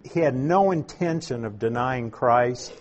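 A man's voice: medium pitch, a little slow, muffled recording. A man preaching a sermon who reads scripture aloud and then explains it, asking his listeners rhetorical questions. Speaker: pastor teaching scripture. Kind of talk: sermon, Bible teaching. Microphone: uses slides while speaking to a congregation.

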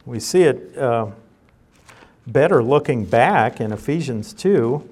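A man's voice: medium pitch, lively intonation, slow, a little mellow, breathy edge. A man teaching a Bible study, reading scripture aloud and then explaining it in a conversational way.

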